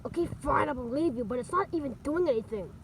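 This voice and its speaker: A woman's voice: high-pitched, expressive, quick pace, slight background noise, rough recording. A woman voicing a stubborn, boastful male turtle king in a fan puppet comedy. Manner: stubborn, bragging.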